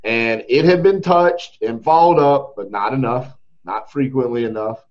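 A man's voice: medium pitch, a little slow, a little mellow, muffled recording. A man, a company CEO, telling a story in casual podcast chat, candidly, and often tagging his sentences with "right?". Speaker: company CEO and home buyer.

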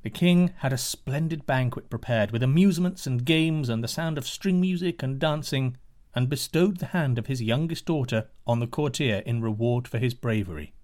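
A man narrating a fairy tale in a measured, expressive reading. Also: medium pitch. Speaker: storyteller.

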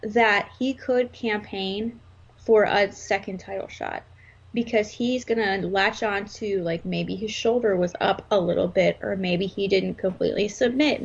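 Podcast co-host, woman, husky, rambling and jokey, lo-fi audio. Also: mid-range voice. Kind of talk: casual wrestling podcast chat. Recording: slightly dull lo-fi sound.

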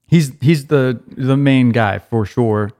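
A man's voice: mid-range voice, takes it slowly, a little mellow. Rambling male music podcast host. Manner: rambling, many fillers and restarts. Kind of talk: casual music chat.

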